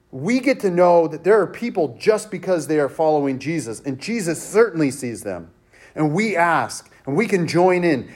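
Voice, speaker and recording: A man's voice: high-pitched, a little mellow. A man as pastor preaching a sermon with an emphatic, repetitive cadence.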